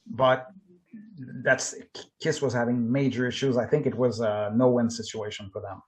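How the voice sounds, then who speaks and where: A man's voice: mid-range voice, fairly even intonation, normal speed. A man in his fifties, a panel guest on a podcast, talking casually and candidly and sharing personal stories. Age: 50s.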